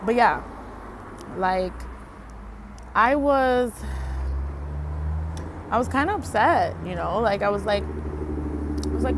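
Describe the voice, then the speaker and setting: A woman vlogging outside at night on a phone, rambling casually and loosely, laughing and losing her train of thought, a little high. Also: takes it slowly, long pauses, noisy background. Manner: rambling, laughing, self-interrupting. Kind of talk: casual chat. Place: outdoors at night.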